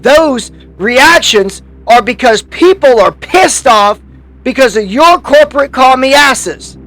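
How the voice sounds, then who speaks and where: A man's voice: very high voice, animated, slow, fairly bright tone, faint music behind. A man hosting a YouTube commentary, delivering a heated, profane rant full of restarts and angry outbursts.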